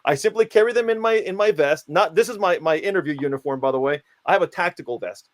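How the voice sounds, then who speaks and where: A man giving playfully absurd, mock-stern interview answers in a deadpan comic style. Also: a little high, fast talker. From United States. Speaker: guest, self-declared country founder.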